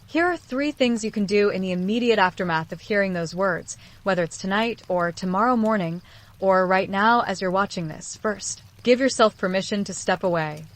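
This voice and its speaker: A woman with a mid-range voice narrates a scripted self-help piece on relationships. Her delivery is calm and earnest, and she speaks directly to the listener. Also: medium pitch, moderate pace. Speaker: relationship psychology video host.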